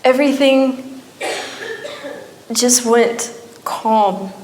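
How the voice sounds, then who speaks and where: A woman's voice: a little high, drawn-out words, a little mellow, slight background noise. A young woman giving an emotional personal testimony at a church, her storytelling rising at times into pleading. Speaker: church speaker. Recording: echoey church hall.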